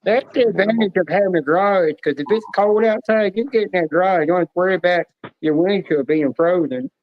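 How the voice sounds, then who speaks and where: A man's voice: sits high, fairly quick, no room sound, muffled recording. A man joining a stream chat, teasing and joking in a casual way. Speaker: guest on a stream.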